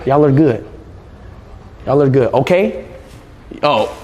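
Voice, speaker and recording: A young man streaming from home with his pets, excitable, jumping between high shrieks and low mutters. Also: slow, pauses often. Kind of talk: casual livestream chat. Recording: echoey room, faint background noise.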